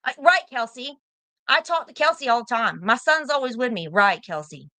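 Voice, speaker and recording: A woman's voice: on the high side, expressive, normal speed, pushed and bright. A young American woman arguing heatedly on a livestream, confrontational and profane, hammering her points by repeating them. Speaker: livestream guest.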